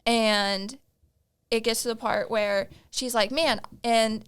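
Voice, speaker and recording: A young woman co-hosts a podcast in a relaxed, chatty way, filling her sentences with "like." Her voice is fairly high, smooth and clear. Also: takes it slowly. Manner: chatty, lots of "like". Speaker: podcast co-host. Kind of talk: casual chat.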